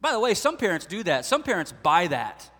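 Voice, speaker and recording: A male pastor preaching a sermon in a lively storytelling way, acting out the voices of the people he quotes. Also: sits high, a little fast, in a large hall.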